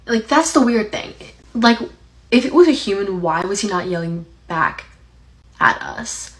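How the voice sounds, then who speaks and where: Telling a TikTok story at normal speed in a medium-pitched voice, a young woman from Appalachia, USA, rambles casually and fills her speech with "like." The recording is low quality.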